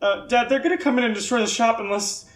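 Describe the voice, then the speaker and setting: A man's voice: very high-pitched, quick pace, faint music behind, pitched above the performer's own voice. A man voicing a flustered young student mage. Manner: flustered, rambling, laughing nervously. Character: nervous young male doctoral student mage. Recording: roomy echo.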